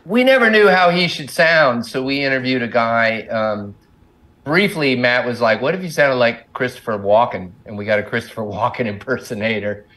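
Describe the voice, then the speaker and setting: A man's voice: medium pitch, animated, normal speed, fairly bright tone. A middle-aged man, a cartoon co-creator, chatting casually as an interview guest, rambling and self-deprecating with frequent laughs.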